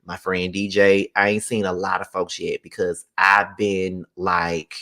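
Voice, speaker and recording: Hosting his own vlog from home, a man rants with heat, cursing a lot and repeating himself. His deep voice stays fairly flat in pitch, and he speaks at a measured pace with a bright, forceful tone.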